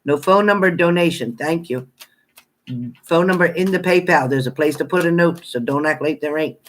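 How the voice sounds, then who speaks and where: A tarot reader talks casually to a live-stream audience in a plain, straight-talking way. The voice is playful and quick to laugh as it greets viewers one by one. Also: mid-range voice, fairly bright tone. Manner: chatty, greets viewers by name; laughs often, playful banter.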